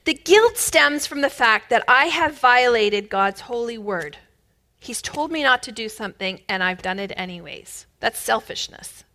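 A woman preaching a sermon with emphatic, rising bursts of loudness, she is middle-aged. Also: on the high side, expressive, a little slow. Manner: emphatic, builds to loud bursts.

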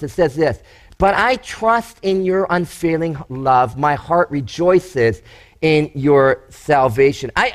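A man preaching a sermon, telling stories and acting out the words of the people he quotes, with lively, emphatic delivery. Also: high-pitched. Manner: animated, storytelling preacher who acts out quotes. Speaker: pastor.

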